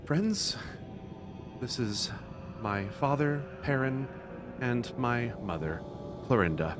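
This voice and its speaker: A man voicing a young daughter character in a high put-on voice, eager to introduce her parents. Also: lively intonation, slow, over music.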